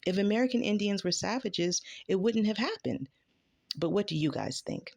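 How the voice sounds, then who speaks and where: A woman's voice: mid-range voice, animated, moderate pace, creaky, a little mellow. A woman vlogger giving an impassioned opinion monologue to camera, asking rhetorical questions and swearing now and then.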